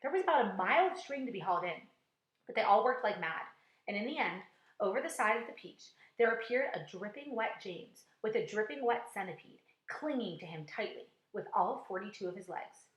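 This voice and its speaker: A woman, a teacher, reading a storybook aloud in an expressive, dramatic way with hushed quiet passages. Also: mid-range voice, a little fast, dull audio. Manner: expressive, dramatic, drops to a hush for quiet scenes. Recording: echoey room.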